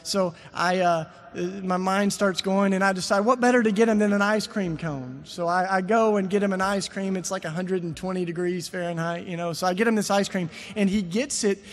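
A man with a notably high voice delivers a sermon. He tells his stories in a casual, conversational way. At key points he rises into emphatic, fervent preaching. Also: fairly quick, hardly any pauses, big-room sound. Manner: storytelling, rising to emphatic preaching. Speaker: speaker.

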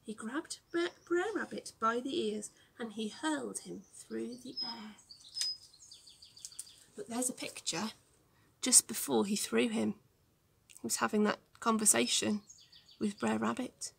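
Gentle young woman teacher reading to children; gravelly, husky voice. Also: on the high side, measured pace, long pauses.

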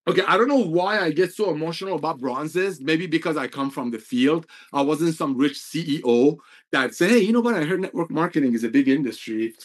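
An excitable man delivers a motivational company update. His voice swoops up and down as he gets emotional, and he repeats his points over and over for emphasis. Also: high-pitched. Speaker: network marketing company executive.

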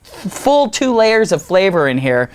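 A man's voice: high-pitched, big pitch swings, unhurried. A man co-hosting a casual wine tasting chat, enthusiastic and opinionated, laughing easily as he talks. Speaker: wine reviewer, co-host.

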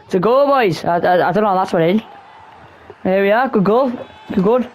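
High-voiced gamer swearing at the screen. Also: male voice, brisk, a little hiss or hum. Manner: excitable, swears and shouts at the game. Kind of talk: live gameplay reactions.

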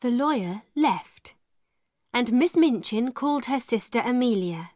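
A woman reads a storybook aloud for English learners, slow and deliberate, with a fairly high voice that rises and falls a lot. The recording is close and dry. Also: animated, a little mellow, no room sound. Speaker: storybook reader. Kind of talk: scripted narration for English learners.

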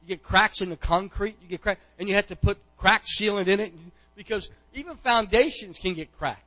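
Man, pastor, sermon, middle-aged, impassioned, forceful tone, muffled lo-fi sound. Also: high voice, a little fast. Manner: impassioned, rising to near-shouts, repeats words.

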